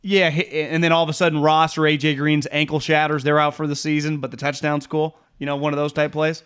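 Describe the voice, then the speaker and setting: A man co-hosting a sports betting podcast, talking in a rambling, animated way with frequent swearing and laughs. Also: on the high side, a little fast, smooth. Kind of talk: casual sports chat.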